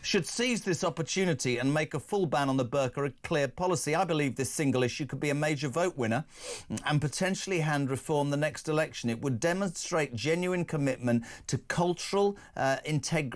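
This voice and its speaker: A man hosting a live breakfast radio phone-in, brisk and chatty, with quick joking asides. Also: a little high.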